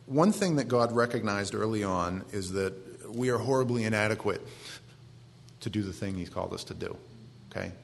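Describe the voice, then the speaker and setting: A man's voice: on the low side, normal speed, gravelly, a little hiss or hum. A man in his forties with a Maine accent, preaching a sermon in a conversational way with self-deprecating asides. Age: 40s. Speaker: pastor.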